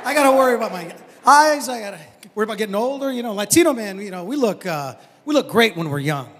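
High-voiced male stand-up in a hall. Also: fast. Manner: animated, acting out characters in put-on voices. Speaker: stand-up comedian. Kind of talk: stand-up routine. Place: comedy stage before a laughing audience. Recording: roomy hall with crowd noise.

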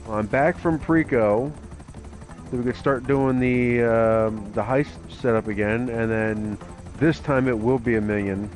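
A man's voice: mid-range voice, steady tone, unhurried, darkish tone, soft background music, poor audio. A man chatting casually as a gaming partner, laid-back with casual swearing.

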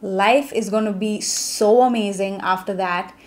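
A young woman from India, telling her own story in a chatty, expressive vlog style with many fillers. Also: mid-range voice, unhurried. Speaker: vlogger. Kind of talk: casual storytelling.

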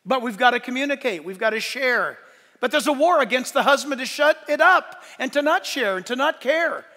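High-voiced animated male pastor in reverberant hall. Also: brisk. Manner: animated preaching, swings from loud to hushed. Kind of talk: sermon. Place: church sanctuary. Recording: long church hall reverb.

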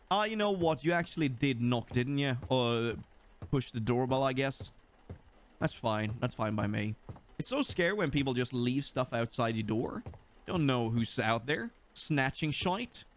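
A gaming YouTuber from Sweden, a young man with a Swedish accent, talks at a measured pace in a mid-range voice. He keeps up playful, joking let's-play commentary, animatedly addressing the game while playing.

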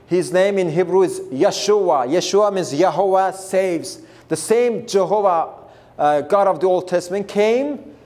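A man's voice: sits high, a little mellow. A man preaching a Bible lesson in an earnest, emphatic way, repeating himself and restarting phrases as he explains. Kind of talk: Bible teaching.

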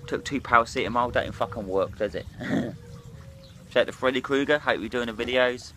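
A man's voice: mid-range voice, brisk, sharp tone, a little hiss or hum. A hungover man, ranting and swearing bluntly in a rambling vlog monologue while drinking. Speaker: drinking vlogger.

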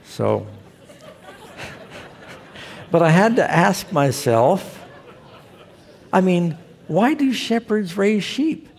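A man's voice: high voice, big pitch swings, extremely slow, vocal fry, long pauses, some chatter behind. A male pastor who preaches a sermon in a folksy, storytelling way.

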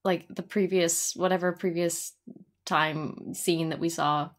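A woman's voice: on the low side, fairly even intonation, unhurried. A woman co-hosting a podcast, chatting casually and thoughtfully and giggling often. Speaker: podcast co-host. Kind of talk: casual chat.

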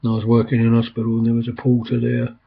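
A man's voice: mid-range voice, monotone, fast, creaky, slightly rough. An older man rambling in casual talk, full of ums and restarts. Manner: meandering, many ums and restarts. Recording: slightly dull, lo-fi recording.

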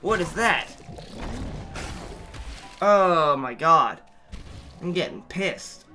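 A gamer giving let's play commentary, exasperated and swearing often, with sudden yelling outbursts at the game. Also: medium pitch, expressive, very slow, faint music behind. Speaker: gamer playing through a platform game.

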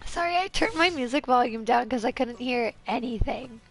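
A woman game streamer chatting casually with her viewers, her voice congested and hoarse from a sinus infection, bubbly and giggly as she greets everyone. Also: on the high side, lively intonation, moderate pace. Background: faint game music.

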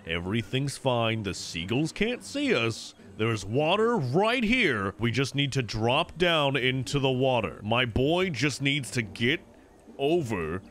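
A young man giving excitable, swear-filled let's-play commentary, yelling at the game as he plays. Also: medium pitch, slow, slight background noise. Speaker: gaming YouTuber.

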